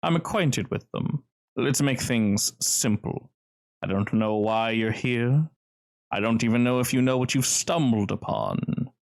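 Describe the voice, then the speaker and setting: A man doing a smooth, cagey gentleman. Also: medium pitch. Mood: smooth, guarded. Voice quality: smooth, velvety. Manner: calm, measured, cagey. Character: tall, distinguished, guarded man in a cellar hideout.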